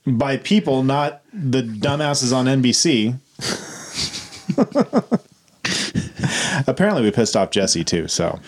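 A man's voice: mid-range voice, big pitch swings, slow, long pauses. A man co-hosting a casual podcast, teasing his friends and reading out the show plugs. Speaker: podcast co-host. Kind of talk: casual banter. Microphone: studio mic.

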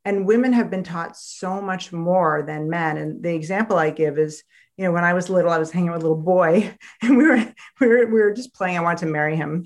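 A woman author, a guest on a podcast, talking in an animated storytelling way and acting out quoted voices. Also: on the low side, fairly quick. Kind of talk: podcast interview conversation.

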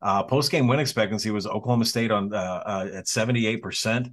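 A man co-hosts a casual sports betting podcast. He talks in a measured, analytical way, walking through the numbers steadily. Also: on the low side. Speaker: podcast co-host.

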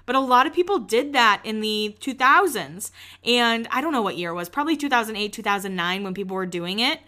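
A woman's voice: fairly high pitch, lively intonation, fairly quick, bright, forceful tone. A young woman hosting a podcast, recapping a show in a chatty, opinionated way and swearing casually. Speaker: podcast host.

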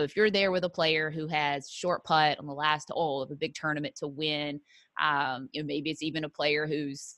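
A woman's voice: deep voice, a bit bright, no echo. A woman hosting a golf podcast, chatting casually with lots of fillers. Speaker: podcast host. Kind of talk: casual interview chat.

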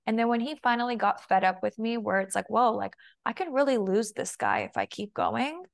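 Sing-song and slightly high, with vocal fry and a somewhat quick pace, a young woman guests on a podcast as a femininity and body language coach. She's chatty, heavy on "like," and voices herself and her partner.

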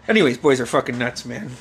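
A young man in casual chat with a lively, swooping pitch, telling a story and swearing freely. He acts out the people in it loudly and laughs through it. A faint hum of ambience sits under the voice. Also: moderate pace.

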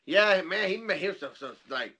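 A man, jumping into a casual chat with animated, profane comments. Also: high voice, breathy edge. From Texas. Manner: animated, profane, quick to jump in.

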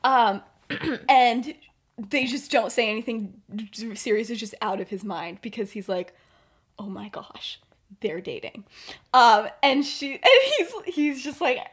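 A woman's voice: fairly high pitch, expressive, a little slow, breathy edge. Rambling, giggly young woman storyteller. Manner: rambling, filler-heavy, giggly. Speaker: podcast co-host. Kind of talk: casual retelling of a fan story.

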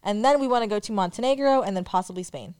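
Smooth-voiced young woman co-host. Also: medium pitch, fast, darkish tone. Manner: upbeat, listing plans. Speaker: podcast co-host. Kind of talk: casual chat.

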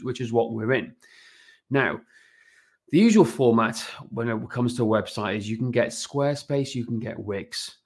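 A man in his forties talks through his subject in a casual, animated way as a podcast guest, constantly checking in with his listener. His voice sits at a middle pitch. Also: breathy edge. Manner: animated, keeps checking in with "right?". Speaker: guest, fitness business and website consultant.

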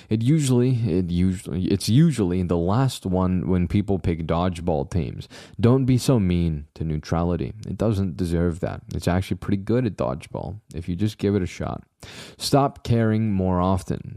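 A young man hosts his own podcast in a casual solo monologue, rambling and tossing jokey, self-deprecating asides to his listeners. His voice sits low with a warm tone, and the studio recording is dry and clean.

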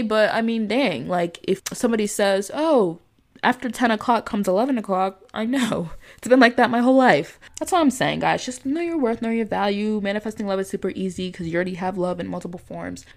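A young woman hosting a solo podcast, giving earnest advice in a calm, chatty way full of fillers like "like.". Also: medium pitch. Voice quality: calm soft-spoken voice. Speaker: podcast host, manifestation coach. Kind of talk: casual solo podcast monologue.

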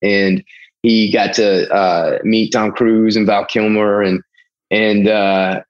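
A middle-aged man from the American South with a Southern accent, telling a long personal story as an interview guest in a rambling, animated way. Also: on the low side, takes it slowly, highs cut off. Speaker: guest, Navy veteran. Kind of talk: casual storytelling.

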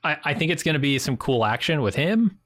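A man's voice: on the high side, animated, brisk, fairly bright tone, dry recording, clean studio sound. A man co-hosting a movie podcast, wry and a bit dismissive in casual chat. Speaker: podcast co-host.

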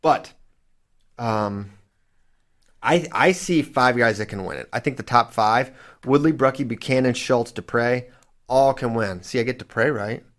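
A man hosting a casual sports talk show, joking and animated, sometimes trailing off into fillers. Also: medium pitch, measured pace. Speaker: wrestling podcast host.

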